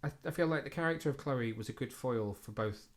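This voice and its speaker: A man's voice: mid-range voice, brisk. Chatty man on a podcast. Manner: chatty, self-deprecating, many fillers. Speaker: podcast co-host. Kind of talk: casual chat.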